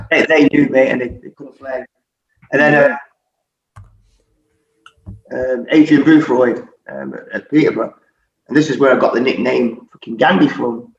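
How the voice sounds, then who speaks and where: His voice is medium-pitched, creaky, and very animated, and he takes his time, pausing often. He's a former footballer in his forties, a podcast guest telling anecdotes in a relaxed chat while cursing constantly and laughing. The recording is roomy and muffled, with faint hiss.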